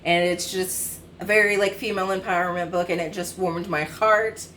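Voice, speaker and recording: A woman in her twenties talks through her recent reads in a loose, rambling way. She pads her sentences with fillers and often corrects herself mid-thought. Her voice sits a little lower than most women's. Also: fairly even intonation, moderate pace, fairly bright tone, slight background noise. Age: 20s. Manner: chatty and rambling, with many fillers and self-corrections. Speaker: book vlogger. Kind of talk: casual book review chat.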